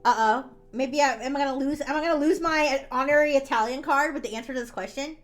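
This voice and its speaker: A woman's voice: high voice, fast talker. A woman streamer chatting casually while she draws, rambling and laughing often, with many restarts.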